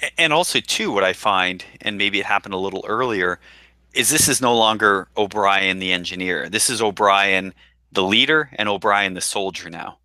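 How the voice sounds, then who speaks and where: Bright-voiced man chatting about a show. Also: lowish voice, normal speed, no echo. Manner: chatty, restarts often, military jargon. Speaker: podcast co-host. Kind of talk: casual chat.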